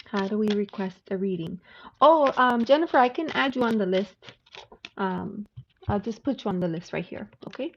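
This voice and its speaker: Laughing frequently as she chats with viewers, a woman runs a live tarot stream in a mid-range voice with lively intonation and normal speed. The recording has a slightly dull lo-fi quality and faint noise.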